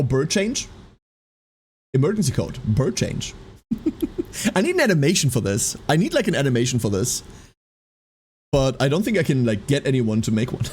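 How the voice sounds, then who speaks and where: A man chatting casually on a live stream, rambling and animated, who tacks a running 'quack' onto his lines. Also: medium pitch, slight background noise.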